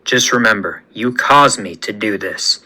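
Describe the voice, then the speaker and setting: A man's voice: lowish voice, a little slow, pushed and bright, voice pushed down, heavily acted, poor audio. A man voicing a gloating, villainous male president in a menacing, sneering manner.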